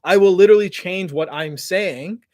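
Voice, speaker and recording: A man's voice: high voice, moderate pace, no room sound. Slangy male livestream host, dry sound. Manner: slangy, animated, trails off. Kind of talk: casual livestream Q&A. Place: outdoors by parked cars.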